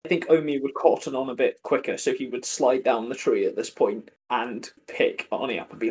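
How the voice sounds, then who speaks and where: A woman's voice: extremely low pitch, brisk, few pauses, darkish tone. A woman playing a tabletop role-playing game, with dry, wry remarks. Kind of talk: casual tabletop role-play.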